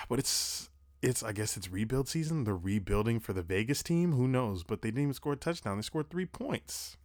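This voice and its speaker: A young man rattles through a casual football recap, animated and profane, breathing heavily into a close mic. His voice sits in a middle register, and the recording is dry with no room sound. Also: mid-range voice, normal speed, dry recording. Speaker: sports podcast host.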